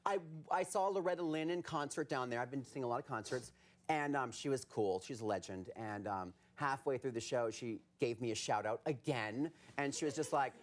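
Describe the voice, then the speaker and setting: A man in his thirties, a guest on a late-night talk show, chatting in a campy way with quick comic asides. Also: mid-range voice. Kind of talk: animated late-night chat. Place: television studio with audience.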